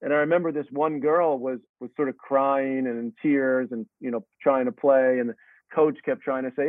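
A man's voice: mid-range voice, fairly even intonation, brisk, dry recording. A middle-aged man, a tennis coach, talking earnestly and reflectively in an interview, with many restarts. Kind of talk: interview answer. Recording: dry tinny phone-like line.

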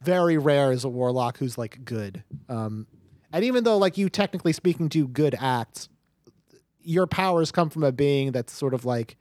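A game master narrating a tabletop game in a loose, rambling way, circling back and restarting sentences. The voice sits at a middling pitch. The recording is dry, with no room sound. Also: expressive, moderate pace, darkish tone, no echo. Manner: rambling, full of fillers and restarts.

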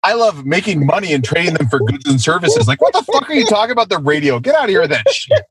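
A man's voice: on the high side, fast talker, crowd noise. A middle-aged man hosting a podcast, chatting casually with lots of swearing and laughter. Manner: profane, animated, laughing. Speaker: podcast host. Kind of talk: casual chat.

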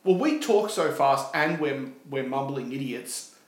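A man's voice: mid-range voice, animated, measured pace. An Australian man co-hosting a podcast, rambling and laughing through casual banter, mocking himself. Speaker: podcast co-host. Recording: echoey room with faint noise.

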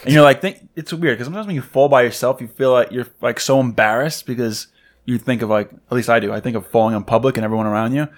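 Fast-talking, rambling podcast guy. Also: mid-range voice. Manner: rambling, swears freely, acts out little scenes. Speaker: podcast co-host. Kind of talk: casual chat.

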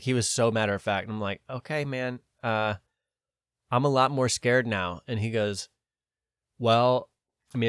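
A man's voice: medium pitch, no echo. Guy on a podcast telling a wild story, swears a lot, dry close mic. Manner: animated storyteller, quotes others in his own voice, swears. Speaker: podcast host. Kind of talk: casual storytelling chat.

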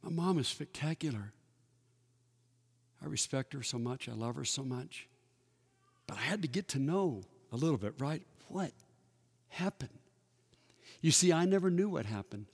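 A man's voice: mid-range voice, a little mellow. A man in his fifties speaking at a church workshop, telling personal stories in a folksy, conversational way and acting out the dialogue. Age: 50s. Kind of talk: personal storytelling talk. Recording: long reverb of a large hall.

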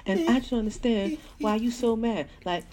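A man's voice: very high voice, moderate pace, warm tone. A man playing a woman caller, puzzled, plain questions, faint noise.

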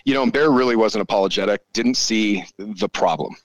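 A man, probably in his forties, telling a story in a casual chat, animated and full of swearing. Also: on the low side, a little fast, no echo, muffled recording. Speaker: podcast guest.

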